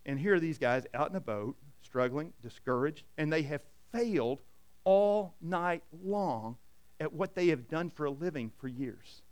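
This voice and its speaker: Male pastor, middle-aged, high and smooth voice; dynamic sermon delivery that rises loud and drops to a hush. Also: expressive, unhurried. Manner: dynamic preaching, swings from loud emphasis to hushed.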